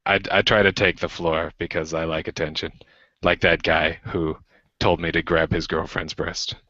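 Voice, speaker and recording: A man's voice: moderate pace, no echo, lo-fi sound. A young American man casually telling a story on a live-streamed chat show, acting out what people said with sudden jumps in his voice. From United States. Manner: animated, acts out quoted voices with pitch jumps. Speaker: podcast co-host.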